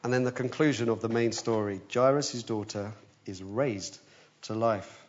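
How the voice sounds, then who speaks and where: A man preaching a sermon, telling the story with animation, swinging between urgent and hushed. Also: mid-range voice, steady tone, moderate pace, muffled recording.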